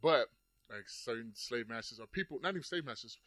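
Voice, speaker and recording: A man's voice: medium pitch, expressive, a little fast, a bit bright, dry recording. A man in his thirties chatting casually on a podcast, telling loose stories full of swearing and "like" fillers. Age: 30s. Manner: loose, profane storytelling with many "like" fillers. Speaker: podcast host.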